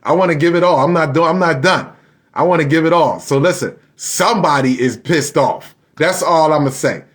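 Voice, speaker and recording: A man's voice: a little high, moderate pace. A man hosting a casual live stream and talking straight to his viewers. He sounds frustrated and keeps laughing about his computer freezing up. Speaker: livestream host.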